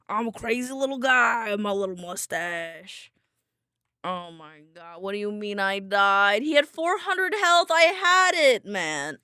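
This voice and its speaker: In a dry, studio-quality recording, a woman live-streams a video game. She gets excited easily and swears freely, going from yelps to low muttering as she plays and thanks her chat.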